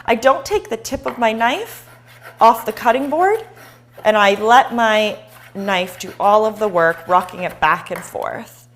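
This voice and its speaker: A woman's voice: mid-range voice, expressive, measured pace, a bit bright. A woman hosting a live cooking show, chatting and encouraging viewers as she chops.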